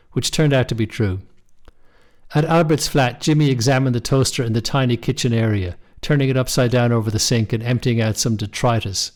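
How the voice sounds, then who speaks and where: A man reading his own short story aloud, in measured scripted narration. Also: mid-range voice, darkish tone. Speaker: storyteller and author.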